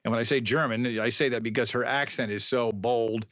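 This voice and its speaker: Here a middle-aged police spokesman appears as a podcast guest, spinning a lengthy tale wryly and meandering as he keeps revising what he says. He speaks briskly in a steady, mid-range, slightly bright voice, and the studio-quality recording is dry.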